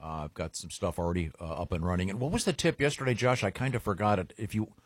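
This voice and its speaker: A man hosting a radio show, rambling and halting through stories with the odd chuckle. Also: low-pitched, husky, no room sound. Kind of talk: morning radio banter. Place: radio studio. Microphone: close studio mic.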